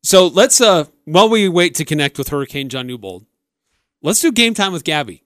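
Lively easygoing male sports co-host. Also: fairly high pitch, brisk, no room sound, clean studio sound. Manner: easygoing, teasing. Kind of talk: casual sports talk.

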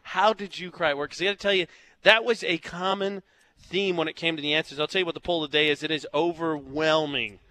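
Chatty male radio host, bright dry voice. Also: a little high, fairly even intonation, brisk, no echo. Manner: joking, chatty storyteller. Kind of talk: morning radio banter. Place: radio studio. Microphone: studio mic.

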